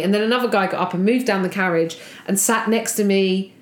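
Young woman comic, animated storyteller; roomy, echoey recording. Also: medium pitch, brisk. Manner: animated, acts out quoted voices. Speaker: comedian. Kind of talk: casual storytelling chat. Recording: roomy echo.

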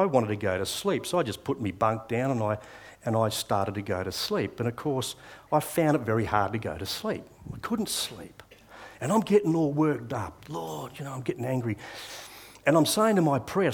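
A man's voice: mid-range voice, animated, normal speed, slightly rough. A middle-aged man preaching a sermon, sharing personal testimony in an earnest, conversational way with frequent restarts.

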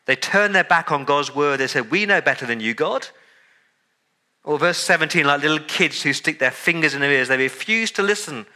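Man preaching with a very bright tone. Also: a little high, a little fast, hardly any pauses. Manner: emphatic, repeats words and lists for effect. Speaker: pastor. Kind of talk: sermon.

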